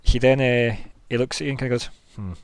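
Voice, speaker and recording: A man's voice: mid-range voice, level tone, fast, clear, resonant tone, no room sound. A man narrating as game master, describing scenes in a loose, rambling way with many fillers.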